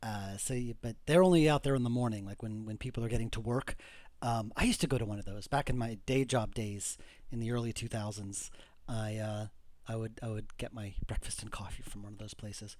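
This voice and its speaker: A man's voice: fairly low pitch, fairly even intonation, a little fast, no echo. Middle-aged new guy rambling on a stream, dry close sound, lots of ums. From New York. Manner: rambling, chatty with fillers and soft laughs. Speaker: game developer. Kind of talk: casual livestream chat.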